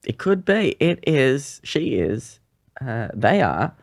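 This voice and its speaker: A woman's voice: extremely low pitch, very animated, slow. A woman comedian guesting on a podcast, speaking in a dry, understated way with hesitant fillers. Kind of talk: casual interview chat.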